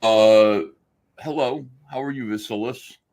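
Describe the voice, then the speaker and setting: A man's voice: medium pitch, unhurried, darkish tone, soft background music. A man on a livestream telling a story in a rambling, sarcastic way and acting out the lines he quotes. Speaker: streamer recounting a story.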